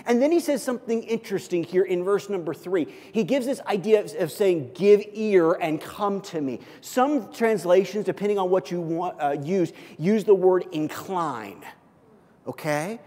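A man preaching a sermon as a pastor, animated and conversational with frequent asides to the congregation. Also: high voice, moderate pace, long reverb tail. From Kansas City area.

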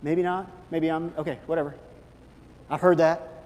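High-voiced man preaching in a big hall. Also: normal speed. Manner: animated, swings from hushed to loud, acts out quoted voices. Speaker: pastor. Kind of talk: sermon. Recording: long reverb of a large hall.

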